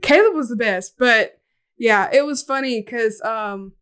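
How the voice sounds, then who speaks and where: Young female podcast host, high voice, loose and animated storyteller, swears freely. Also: a little slow, clear, resonant tone. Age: young adult. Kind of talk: casual storytelling chat.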